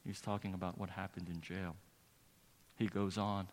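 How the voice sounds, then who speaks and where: A male pastor preaches a sermon in a low, flat voice at normal speed, telling a story earnestly before building to emphatic preaching. The recording carries the long reverb of a large hall.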